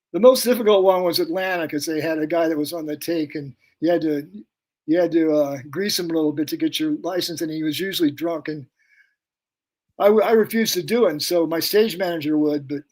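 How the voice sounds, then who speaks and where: High-voiced older man telling road stories. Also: moderate pace, a little mellow. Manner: rambling anecdotes, puts on voices for quoted people. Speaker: podcast guest, pyrotechnic technician. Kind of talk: casual storytelling.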